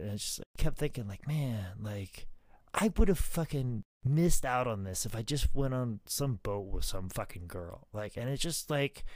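A man's voice: on the low side, no room sound. A man telling a wrestling story in casual podcast chat, swearing freely and filling his talk with "like". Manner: profane, animated, lots of "like" fillers.

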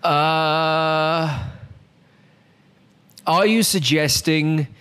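A man's voice: a little high, fairly even intonation, very slow, a bit bright, smooth. A man with an English accent, hosting a podcast in casual, dry and teasing chat. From England. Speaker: podcast host.

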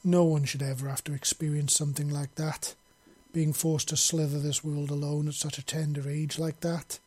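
A man's voice: on the high side, level tone, moderate pace, darkish tone, natural voice. A man voicing a serpent-folk queen regent. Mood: earnest.

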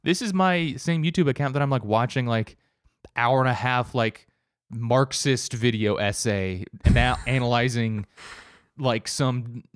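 Excitable male co-host, medium pitch, casual profanity, dry unroomy mic. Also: measured pace, dry recording. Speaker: podcast co-host. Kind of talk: casual chat.

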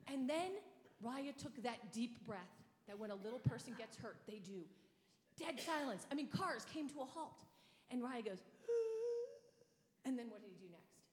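A middle-aged woman tells a children's sermon in an animated way, stopping to ask the kids questions. Her voice sits a little high. It rings out with a long reverb in a roomy church hall. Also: normal speed. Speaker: children's pastor. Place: church sanctuary.

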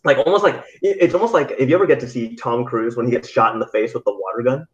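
A man's voice: mid-range voice, quick pace. A man who works as a teacher, chatting casually and telling rambling stories with many restarts. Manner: rambling storyteller with frequent restarts and laughs. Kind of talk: casual podcast conversation. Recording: slightly dull, lo-fi audio.

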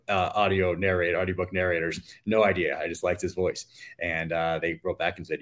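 Deep-voiced man telling stories. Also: level tone, moderate pace, fairly bright tone. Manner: rambling storytelling with many fillers. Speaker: author guest. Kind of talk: casual podcast interview.

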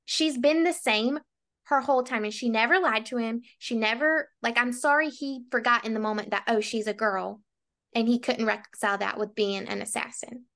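A woman's voice: a little high, fairly bright tone. A woman co-hosting a book podcast, talking casually and with strong opinions, often saying "like". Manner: opinionated, frequent "like" fillers. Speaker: podcast co-host.

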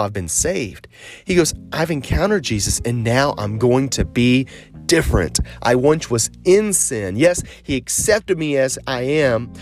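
A man preaching a sermon as a pastor, earnest and encouraging, slowing down to stress key phrases. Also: on the high side.

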